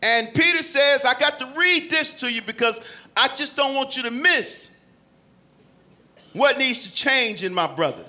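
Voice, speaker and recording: A man preaching a sermon, acting out scripture quotes in voices and swinging between loud and soft delivery. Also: very high voice, animated, measured pace. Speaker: pastor.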